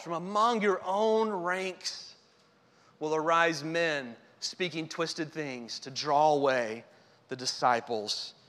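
A man's voice: on the high side, sharp tone, big-room sound. A man preaching a sermon as pastor, conversational and emphatic, with repeated phrases.

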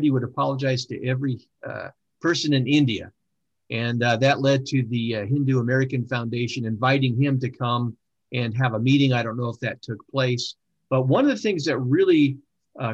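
A man's voice: mid-range voice, dry recording, muffled recording. A middle-aged man hosting an online discussion, speaking with many hesitations and fillers. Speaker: host.

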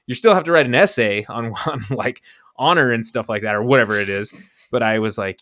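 A fast-talking young man co-hosts a podcast, casually spinning a story and performing the quotes with big jumps in his voice, all in an animated way. The clean studio recording is dry.

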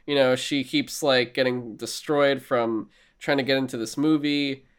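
A man chatting casually, eager and quick to laugh, with casual swearing. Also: mid-range voice, fairly even intonation, clear, resonant tone. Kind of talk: casual chat.

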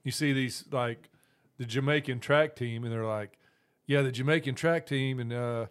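A man co-hosting a podcast, musing in loose, drawn-out remarks in casual chat. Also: medium pitch, clear, resonant tone. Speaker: podcast co-host.

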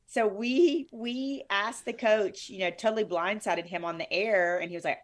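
A woman's voice: medium pitch, measured pace, hardly any pauses. A middle-aged woman, a former sportscaster, telling stories in a bubbly, effusive way as a guest in an interview. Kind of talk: conversational interview.

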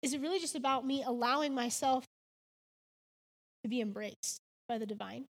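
High-voiced mom in her 30s doing a devotional talk, earnest and heartfelt, lots of "like"s, long reverb. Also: normal speed. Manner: earnest, heartfelt storytelling, many "like"s. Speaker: devotional speaker. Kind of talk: faith devotional talk with a personal story.

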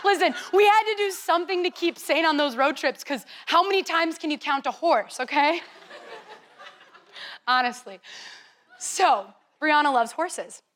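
A young woman youth leader telling a lively, chatty story to a youth group, playful and teasing. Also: sits high, a little slow, a little hiss or hum.

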